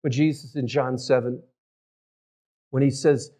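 A male pastor preaching, his voice rising loud on key phrases and dropping to a hush on tender ones. His pitch sits mid-range. He talks in a storytelling way and drifts off the mic now and then. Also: fairly even intonation, measured pace, long pauses. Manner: storytelling with big swings from loud to hushed. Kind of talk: sermon.

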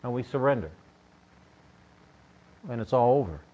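A man's voice: mid-range voice, expressive, normal speed, dark tone. Older guy giving a sermon, talks like a chat, jokes, throws questions at the room, muffled lo-fi sound. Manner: conversational, joking, asks the listeners questions. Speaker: pastor. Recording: dull lo-fi recording.

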